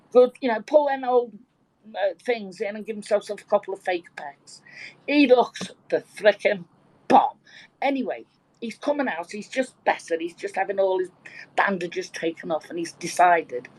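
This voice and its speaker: Woman, husky voice, animated joke-telling, casual chat. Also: mid-range voice, a little slow, poor audio. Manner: lively, animated storytelling with swearing. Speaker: participant in an online audio chat room.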